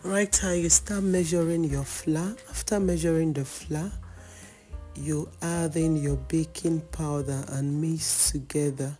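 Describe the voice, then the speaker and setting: A baking channel host with a hoarse, worn voice, chatting through a cooking tutorial, reassuring and repeating advice. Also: medium pitch, flat delivery, takes it slowly, mellow, faint music behind. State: hoarse, lost voice.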